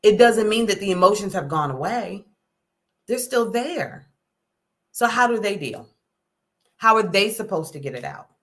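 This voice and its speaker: A middle-aged woman hosting a casual talk, folksy and animated, often checking in with "okay?". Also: mid-range voice, moderate pace, long pauses. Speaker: host. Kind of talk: casual talk to a live audience.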